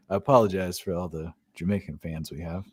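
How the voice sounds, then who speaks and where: A man's voice: deep voice, fairly even intonation, moderate pace, slightly rough. A man co-hosting a podcast in casual chat, blunt and profane and laughing often. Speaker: podcast co-host.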